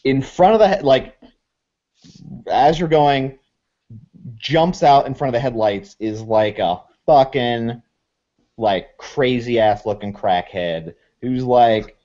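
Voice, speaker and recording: A man's voice: mid-range voice, takes it slowly, mellow. A man narrating a tabletop horror game as game master, loose and casual with lots of swearing and fillers. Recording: dull lo-fi audio.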